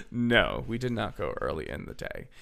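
A young man hosting a podcast, telling a story casually. He talks in a chatty way, full of "literally" and "like", and his voice is slightly hoarse. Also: low voice, sharp tone. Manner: chatty, filler-heavy, "literally" and "like". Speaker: podcast host.

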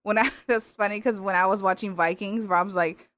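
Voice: mid-range voice, steady tone, moderate pace, sharp tone, clear, resonant tone, dry recording. Podcast co-host chiming in casually. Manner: short agreeing interjections. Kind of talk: casual chat.

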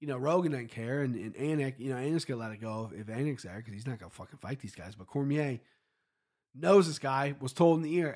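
A man's voice: mid-range voice, fast, darkish tone. A man giving a casual solo recap of fight results, blunt and profane, rambling with frequent restarts. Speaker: MMA fight recap podcaster.

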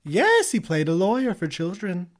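A man's voice: high-pitched, huge pitch swings, normal speed. A man voicing a grandiose older female celebrity chef, theatrical and insulting, in an improvised comedy bit. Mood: scornful. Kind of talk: improvised comedy podcast impression.

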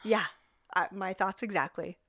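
A woman's voice: mid-range voice, fairly even intonation, moderate pace, a bit bright, no room sound. A woman co-hosting a casual podcast, telling a story with a laugh and plenty of swearing. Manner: casual, laughing, reads case notes with swearing. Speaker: podcast co-host.

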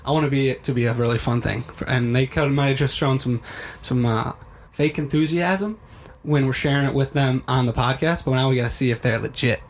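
A man's voice: medium pitch, steady tone, fairly quick, few pauses, slight background noise. A young man co-hosting a podcast, talking in a casual, rambling and upbeat way that often breaks off mid-word. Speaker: podcast co-host. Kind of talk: casual chat.

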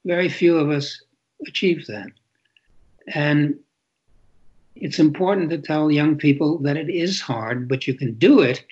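An older man speaks in a husky voice pitched slightly high, answering an interviewer candidly. He pauses and repeats himself as he thinks aloud. The recording is muffled and lo-fi. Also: darkish tone. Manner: reflective, halting, repeats words. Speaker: author and interview guest.

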